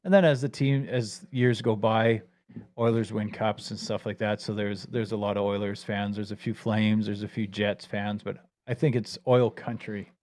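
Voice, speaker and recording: A man's voice: fairly low pitch, fairly even intonation, moderate pace, a little mellow. A man from Saskatchewan co-hosting a podcast, making easygoing, joking remarks in casual chat. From Saskatchewan, Canada. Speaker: podcast co-host.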